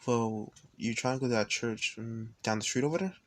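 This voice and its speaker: A man voicing a laid-back young man in a fan-made story who offers to protect a stranger, speaking quietly and casually. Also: mid-range voice, brisk, slight background noise, close to an everyday voice. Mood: calm, friendly.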